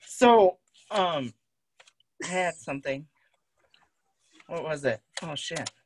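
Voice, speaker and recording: A woman co-hosting a podcast, talking in casual chat in a halting way. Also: low voice, animated, a little hiss or hum, low-quality recording. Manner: slow, halting, laughs between phrases. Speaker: podcast co-host.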